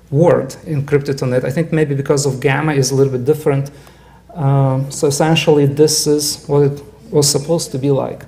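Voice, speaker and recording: Halting man giving a club talk. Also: mid-range voice, a little mellow. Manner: halting, many fillers and restarts. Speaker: club presenter. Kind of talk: casual club presentation. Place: club meeting room.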